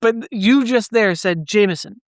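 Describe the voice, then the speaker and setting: A man's voice: high voice, moderate pace, dry recording, clean studio sound. Rambling man on a casual podcast. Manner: rambling, loose, full of "like" fillers. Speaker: podcast co-host. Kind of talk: casual chat.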